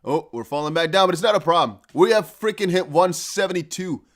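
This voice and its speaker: A man hosting a live crypto price stream, talking fast and excited with laughs and chanted hype lines. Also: high-pitched. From Netherlands. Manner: hyped, laughing, breaks into chanting.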